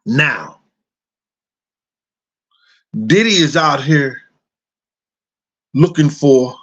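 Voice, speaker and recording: A man's voice: drawn-out words, highs cut off. A man hosting a casual commentary show, talking straight to his viewers in street slang. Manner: animated, swings into high put-on voices and laughs.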